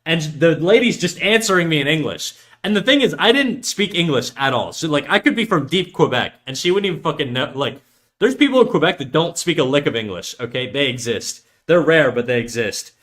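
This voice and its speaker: His voice sits on the high side with a sing-song lilt, fairly quick and fairly bright. A young Canadian with a Canadian accent, he rambles profanely and jokes through stories while drawing on stream.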